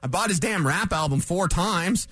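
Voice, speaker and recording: Animated high-voiced radio host rambling. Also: male voice, normal speed, no room sound. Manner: rambling, animated, self-correcting. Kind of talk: casual sports talk radio monologue. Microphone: studio microphone.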